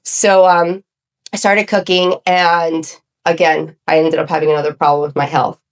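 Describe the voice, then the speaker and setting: A woman around forty, a podcast guest telling her own story in casual chat, animated and acting out what others said. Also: low voice, moderate pace. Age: 30s. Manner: animated storytelling with quoted voices.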